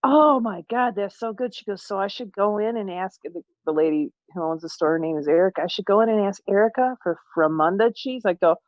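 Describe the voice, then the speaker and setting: A woman's voice: on the low side, fast talker, hardly any pauses, no echo, dull audio. Giggly woman telling a story on a call. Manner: giggly storyteller, laughs through her stories. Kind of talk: casual chat on a livestream.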